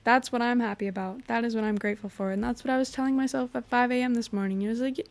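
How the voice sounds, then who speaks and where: A woman's voice: fairly high pitch, quick pace, few pauses. A young woman hosting her own podcast, talking through a personal story in a casual, reflective way, with lots of "you know" and "like". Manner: relaxed, chatty, frequent "you know" and "like". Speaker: podcast host.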